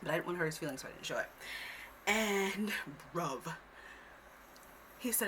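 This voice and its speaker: A woman telling a childhood story to camera in a casual vlog, animated and swearing freely, sometimes dropping to a whisper. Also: lowish voice, moderate pace, a little hiss or hum.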